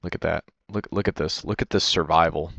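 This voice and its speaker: A man's voice: low voice, fairly even intonation, fairly quick, gravelly, a bit bright, no echo. A man reviewing a replay of his own match in casual, rambling commentary, critical of himself and swearing often, talking into a headset. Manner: rambling, self-critical, swears a lot, fillers "you know".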